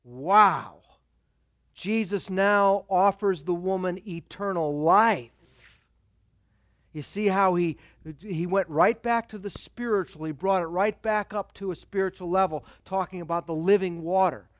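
A male pastor preaching a sermon in an animated way, acting out the voices of the people he quotes. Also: sits high, unhurried, no echo, studio quality.

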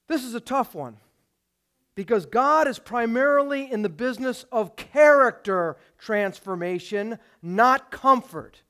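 Pastor, male, fairly high voice, emphatic sermon delivery with rhetorical questions to the congregation. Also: bright, forceful tone.

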